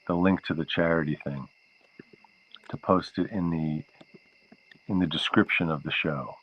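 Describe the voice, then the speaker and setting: Recorded on a laptop microphone with dull, lo-fi quality, this livestream host talks with viewers from his home by a porch area. His very deep voice is unhurried and fairly even as he rambles, easily pulled off into asides.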